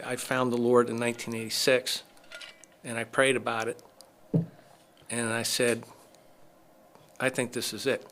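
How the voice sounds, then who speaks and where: A middle-aged man with a bright, forward voice at an ordinary pitch, telling a long story in a podcast interview. He acts out what others said to him, lively and conversational. Faint noise sits under the recording. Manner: animated storyteller acting out quoted dialogue. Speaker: chiropractor, podcast guest.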